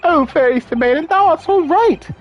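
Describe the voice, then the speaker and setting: A woman voicing an eccentric, Shakespeare-quoting gentleman lodger in a game let's play, declaiming in a theatrical, archaic manner. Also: high voice, lively intonation, moderate pace, dull audio, soft background music. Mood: grandiloquent.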